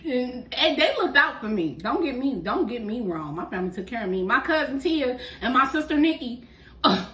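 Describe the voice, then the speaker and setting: A woman co-hosting a podcast, telling a personal story in a casual, animated way and acting out what others said. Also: on the high side, moderate pace. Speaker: podcast co-host. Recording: echoey room, mic at a distance.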